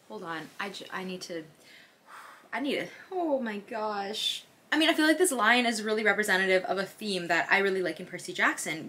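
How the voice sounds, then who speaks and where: A young woman reacting to a novel as she reads it in a casual vlog, animated and excitable, switching between gasps and thoughtful musing. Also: medium pitch. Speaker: book vlogger.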